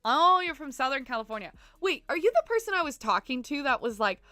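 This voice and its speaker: A woman's voice: sits high, big pitch swings, fairly quick, pushed and bright, no echo, soft background music. A Canadian woman from Ontario chatting casually with viewers on a livestream, full of "like" and "um", giggling and apologizing as she goes. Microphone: desk mic she keeps bumping.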